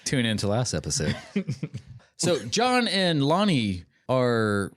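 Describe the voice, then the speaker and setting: A man's voice: mid-range voice, wildly swooping pitch, slow. A man co-hosting a podcast, chatting casually and rambling with many fillers and jokes. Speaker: podcast co-host. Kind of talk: casual chat.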